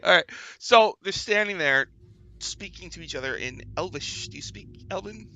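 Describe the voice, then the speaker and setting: A man's voice: sits high, animated, moderate pace, pushed and bright. A man narrating a tabletop game as game master, often laughing and stumbling over restarts.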